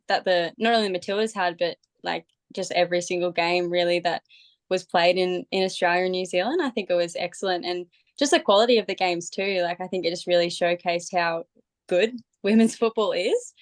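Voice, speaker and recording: A woman with a fairly low voice answers in a relaxed, thoughtful way on a video call, her speech dotted with "like" and "um". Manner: thoughtful, with "like" and "um" fillers. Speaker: football player. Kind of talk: casual interview answers.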